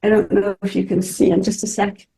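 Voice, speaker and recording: Woman, husky and mellow, earnest chatty storyteller, spiritual medium being interviewed. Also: mid-range voice, little pitch movement, fairly quick. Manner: earnest, chatty, laughs through stories.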